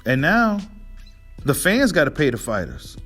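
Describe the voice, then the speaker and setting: A man with a fairly high, bright voice and huge swings in pitch hosts a boxing monologue at an unhurried pace, with faint music playing behind him. His casual rant is heated and profane, and he keeps asking his audience "right?"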